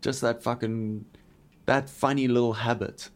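A man co-hosting a podcast in casual chat, swearing often and agreeing loudly with his friend. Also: mid-range voice, steady tone, a little slow. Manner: swears often, agrees a lot with "bro, a hundred percent". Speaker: podcast co-host.

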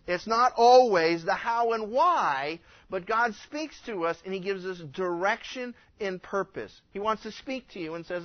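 Animated high-voiced male pastor preaching. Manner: animated, acts out quoted voices. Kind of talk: sermon. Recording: dull lo-fi recording.

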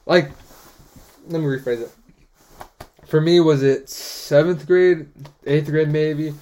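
A man's voice: a little high, fairly even intonation, slow, a little mellow. A young man co-hosting a podcast, chatting casually and laughing as he reminisces about school days. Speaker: podcast co-host. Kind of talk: casual chat.

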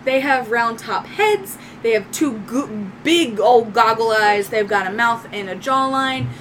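A woman's voice: a little high, expressive, measured pace, a bit bright, a little hiss or hum, rough recording. A woman game master narrating a tabletop game in a loose, descriptive way with many fillers.

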